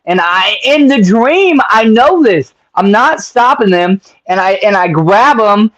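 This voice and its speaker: A man's voice: sits high, lively intonation, unhurried, fairly bright tone, rough recording. A man hosting a casual interview, rambling and swearing, calling his guest "bro". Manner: rambling, profane, keeps saying "bro". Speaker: podcast host.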